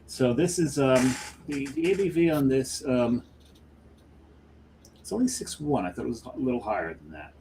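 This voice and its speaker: A man's voice: medium pitch, expressive, moderate pace, long pauses, dark tone, slight background noise. A man co-hosting a casual beer podcast, chatting in an easygoing way. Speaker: podcast co-host. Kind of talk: casual chat about craft beer.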